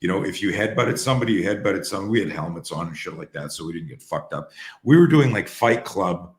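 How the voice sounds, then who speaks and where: A man hosting and coaching on a call, telling stories in a lively, profane way and acting out the dialogue. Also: low-pitched, fast talker, reverberant. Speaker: host and coach. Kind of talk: conversational storytelling on a call. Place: room on an online call.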